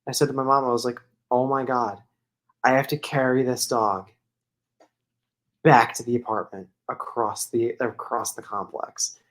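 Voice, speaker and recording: A man's voice: mid-range voice, flat delivery, normal speed, a bit bright. A man co-hosting a podcast, telling a long casual story that rambles, full of "like" fillers. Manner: rambling, heavy use of "like", laughs while telling. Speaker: podcast co-host.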